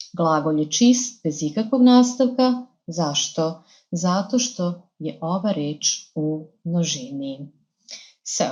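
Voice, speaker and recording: A Serbian woman teaches English in a televised classroom lesson. She talks very slowly and patiently, in a low-set voice, repeating each example carefully. Her accent marks a native Serbian speaker. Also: warm tone.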